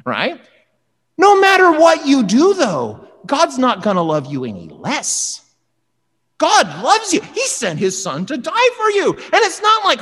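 Animated preacher in a reverberant hall. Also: sits high, normal speed. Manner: animated, conversational, acts out dialogue. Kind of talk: sermon.

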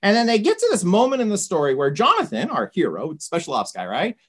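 A woman's voice: medium pitch, wildly swooping pitch, quick pace, slightly rough. A woman giving an informal lecture, retelling a story conversationally and often checking in with "right?".

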